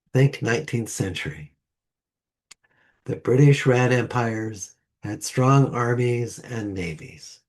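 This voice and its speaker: A man delivering a sermon to a congregation with a slow, measured delivery and deliberate pauses. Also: mid-range voice, a little mellow, breathy edge. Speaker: lay speaker. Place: church sanctuary.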